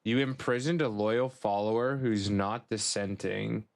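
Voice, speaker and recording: A man streaming a game live, reacting excitably and muttering the same phrases over and over as things go wrong. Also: a little slow, vocal fry. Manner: excitable, yelps up high when things go wrong; repeats phrases, mutters to himself. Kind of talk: live gameplay commentary.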